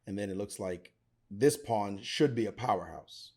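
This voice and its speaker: A middle-aged man teaching chess, excitable and theatrical, talking straight to the viewer. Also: fairly low pitch, moderate pace, slightly rough. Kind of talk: animated chess commentary.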